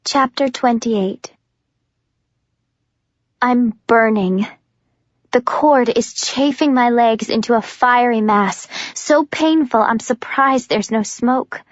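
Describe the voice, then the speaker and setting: A woman's voice: fairly high pitch, slow, no echo. A woman narrating a first-person audiobook with an urgent, breathless telling. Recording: slightly dull, dry recording.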